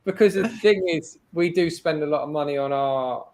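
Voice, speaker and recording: A man's voice: a little high, moderate pace, a little mellow. Chatty British man, guest on a show. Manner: chatty, heavy with "you know" and "like" fillers. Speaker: interview guest, domain investor. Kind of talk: casual interview chat.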